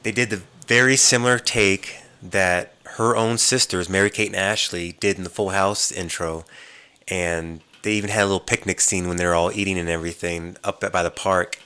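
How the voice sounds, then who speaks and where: A man hosting a podcast, casually recapping TV episodes as an animated storyteller who mimics the characters' lines. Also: low-pitched, moderate pace, smooth. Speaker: podcast host.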